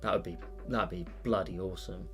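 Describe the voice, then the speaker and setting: A British man who hosts an art channel chats casually on a live stream while drawing, rambling with plenty of fillers and restarts. His voice sits low and is a bit bright, with fairly even intonation and a fairly quick pace. Soft music plays in the background.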